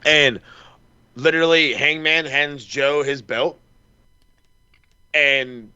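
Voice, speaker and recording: Bright-voiced swearing wrestling podcast man. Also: fairly high pitch, slow, clean tone, dry recording, highs cut off. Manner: rambling, profane, animated storytelling with quoted asides. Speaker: podcast co-host. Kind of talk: casual wrestling chat.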